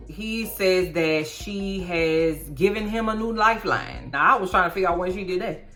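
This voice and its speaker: A middle-aged woman giving a sassy, animated TV recap into her phone, often yelling for emphasis. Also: lowish voice, normal speed, few pauses, faint music behind. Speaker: TV recap vlogger. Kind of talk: casual TV recap commentary.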